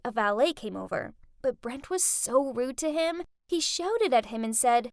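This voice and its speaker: Expressive woman narrator for an animated story, high and animated, bone-dry close mic. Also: a little slow, few pauses, no room sound. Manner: expressive, dramatic. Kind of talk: scripted first-person narration.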